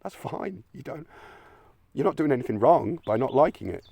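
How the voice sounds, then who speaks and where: A man's voice: medium pitch, very animated, normal speed, creaky, darkish tone, no room sound. A man ranting in a blunt, sweary, argumentative monologue, now and then mocking imagined critics in silly voices. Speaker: video essayist. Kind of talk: opinionated monologue.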